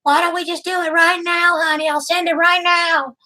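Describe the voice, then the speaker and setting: A man's voice: very high voice, flat delivery, normal speed, pushed and bright, voice pushed up, exaggerated voice. A man putting on the voice of a gullible, tearful lovesick woman during a prank phone call, sweet and doting. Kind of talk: prank call role-play.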